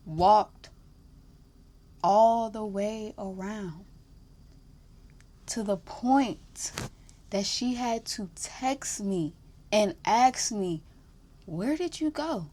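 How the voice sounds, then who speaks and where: A young woman hosting a podcast, telling a story in casual chat, animated, swearing freely and breaking into laughs. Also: medium pitch, drawn-out words, long pauses, slight background noise. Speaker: podcast host.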